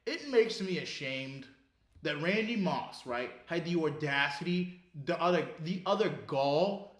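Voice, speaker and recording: A man's voice: a little high, animated, unhurried, fairly bright tone. A man, a podcast co-host in casual chat who rants, swears and laughs as he talks. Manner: profane ranting, laughs and mimics others. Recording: echoey room.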